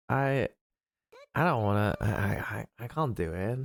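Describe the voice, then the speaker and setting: Tired, slightly raspy male streamer. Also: mid-range voice, moderate pace. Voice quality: slight rasp. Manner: playful, rambling, with many restarts. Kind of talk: casual live-stream chat.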